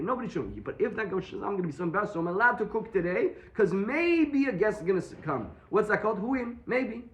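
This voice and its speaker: A man's voice: high voice, echoey room, dull audio. A man teaching a daily Talmud class to students, explaining step by step and answering his own questions. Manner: explains step by step, repeats points and asks rhetorical questions.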